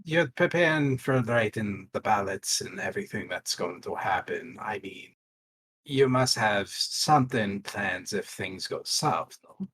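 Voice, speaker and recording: A folksy druid adventurer who mangles his grammar while probing for answers, as a player puts him on. The voice is low, husky and lively in its pitch. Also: unhurried, exaggerated voice, rough recording. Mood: earnest. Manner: ungrammatical, folksy, careful.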